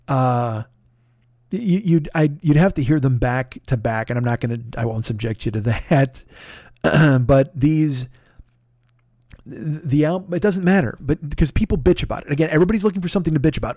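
A man hosting a podcast, chatting casually about music as an excitable fan who swears constantly and gushes with enthusiasm. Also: fairly high pitch, normal speed, no echo, clean studio sound. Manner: excitable, heavily profane, fan gushing. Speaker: podcast host.

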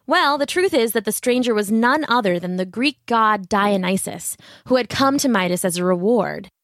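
A woman's voice: mid-range voice, animated, normal speed, fairly bright tone, no room sound, clean studio sound. A woman narrating a fairy tale steadily, with asides to the listener. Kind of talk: storybook narration.

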